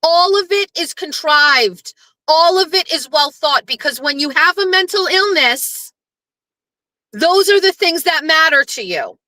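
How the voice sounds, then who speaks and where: Woman host, casual monologue, lively storyteller who acts out lines, crisp and forceful tone. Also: sits high, measured pace, dry recording, rough recording. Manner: animated storyteller who acts out quoted lines, blunt and profane. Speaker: podcast host.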